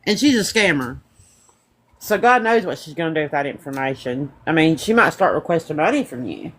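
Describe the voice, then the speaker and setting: A man's voice: on the high side, sing-song, fairly quick, a bit bright. A man hosting a live stream, commenting on played clips in a wry, matter-of-fact way.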